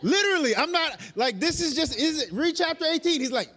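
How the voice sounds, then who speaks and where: A male pastor, preaching an animated, storytelling sermon in a church. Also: very high-pitched, brisk, hardly any pauses. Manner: animated, storytelling, self-aware asides. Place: church sanctuary.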